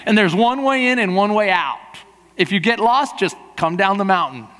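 A man preaching as a pastor, telling a funny travel story in a lively way and acting out the people in it. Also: high-pitched, moderate pace. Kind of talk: sermon with a humorous travel story. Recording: long hall reverb in a church.

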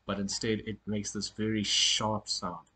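A man talks through a pronunciation lesson in an informal, unscripted way. His voice sits low and has a breathy, husky edge. He stumbles and repeats words as he corrects himself. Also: level tone, measured pace, bright, forceful tone. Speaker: language teacher. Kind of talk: casual spoken lesson on pronunciation.

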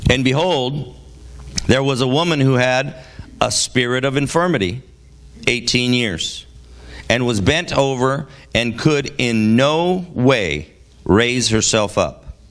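A man delivers a church sermon with bold emphasis, reading scripture in a measured tone before bursting into animated, exasperated commentary. His pitch leaps high when he gets fired up, and he mixes humor into the preaching. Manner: emphatic, swings from low reading to loud, high-pitched exclaiming. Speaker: guest preacher. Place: church service.

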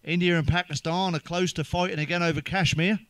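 English man, stand-up comic, crude jokes, lots of swearing, slightly high voice, dry sound. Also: steady tone, fairly quick, fairly bright tone, no room sound. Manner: swears heavily, laughs at his own jokes; sips a drink between jokes. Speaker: stand-up comedian. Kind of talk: crude one-liner stand-up.

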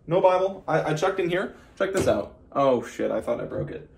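A man's voice: medium pitch, sing-song, moderate pace, creaky. Sarcastic man rambling through a room tour. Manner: sarcastic, joking asides, rambling. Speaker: vlogger. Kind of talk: casual vlog room tour. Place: hotel suite, indoors.

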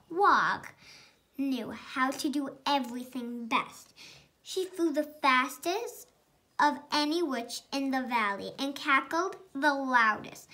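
A woman reading a storybook aloud as a co-host, chatty between pages. Her voice is high and bright, and she reads slowly. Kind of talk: reading a picture book aloud.

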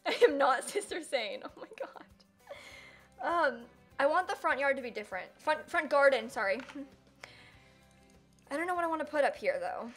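Young woman streamer, high voice, giggly, faint music behind. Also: very animated, normal speed, long pauses. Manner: giggly, breaks into helpless laughter. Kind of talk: casual live-stream chat.

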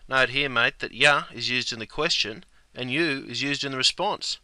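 A man with a gravelly voice and an Australian accent, explaining slang in a broad, matey, deadpan way for a comedy sketch. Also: medium pitch, normal speed, dry recording. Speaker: comic host explaining slang.

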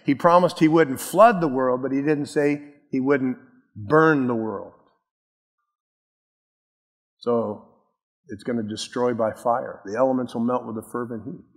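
A man's voice: medium pitch, a little slow, long pauses, big-room sound. A man preaching a sermon as pastor, earnest and emphatic, often asking the congregation questions. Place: church sanctuary.

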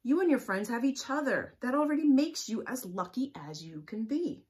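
A woman voicing a wise, once naughty male leprechaun in a storybook reading, loud and emphatic. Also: on the high side, expressive, normal speed, pitched above the performer's own voice, lightly acted.

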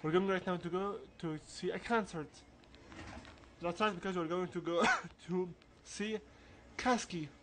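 A man's voice: high-pitched, steady tone, unhurried, background noise. A man hosting a let's play, giving casual game commentary with joking, laughing asides.

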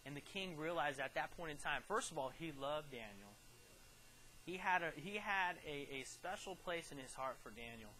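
A man preaching a sermon, retelling a scripture story with lively storytelling and acted-out quotes that swing from quiet to loud. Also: a little high, normal speed, a little hiss or hum, rough recording. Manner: animated storytelling, acting out quotes with big swings in loudness.

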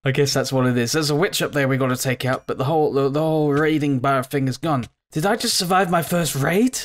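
A man giving let's play commentary as he plays a game. He rambles, talks to himself and yells at the characters on screen. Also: on the high side, a little fast. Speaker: gaming channel host.

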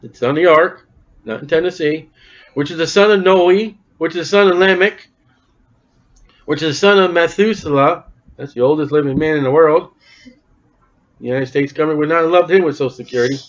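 A man's voice: fairly high pitch, moderate pace, long pauses. A man preaching a sermon, reading scripture aloud and breaking off for wry, folksy joking asides. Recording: dull lo-fi recording.

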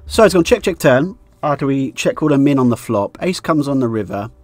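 A man talking through poker hands on a live stream, his voice at an ordinary middle pitch. He is chatty and joking, thinks aloud and answers viewers' messages. The recording is close and dry, with no room sound. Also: expressive, brisk, darkish tone, no room sound, soft background music. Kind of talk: live-stream poker commentary, reading chat.

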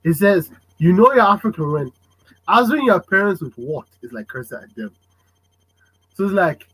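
A man hosting a casual podcast chat, animated and fond of acting out parents' voices. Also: sits high, normal speed, breathy edge, low-quality recording. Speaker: podcast host.

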